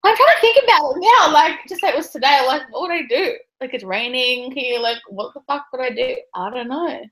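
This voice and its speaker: High bright-voiced woman on a video call, swears a lot, thinks out loud. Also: a little fast, poor audio. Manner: animated, swears freely, thinks aloud. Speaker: book club co-host. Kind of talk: casual video call chat.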